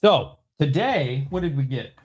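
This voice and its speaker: A man with an animated, bantering manner, hosting a casual livestream Q&A from home and answering chat comments. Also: medium pitch, measured pace, breathy edge. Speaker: host.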